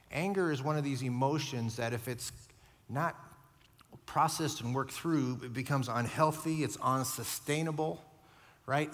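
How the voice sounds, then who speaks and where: A man's voice: mid-range voice, fairly bright tone, in a large hall. A man preaching a sermon as pastor, earnest and conversational, often checking in with his listeners.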